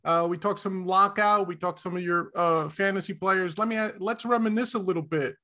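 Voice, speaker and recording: A podcast host with a New York accent talks in a notably high voice. He is chatty and effusive, padding his lines with fillers. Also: fairly quick, sharp tone. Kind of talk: casual sports chat.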